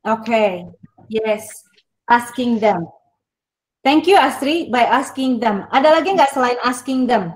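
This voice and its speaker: A woman's voice: fairly high pitch, measured pace, rough recording. Indonesian-accented woman lecturing online. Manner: switches between English and Indonesian, expressive. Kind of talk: online class teaching.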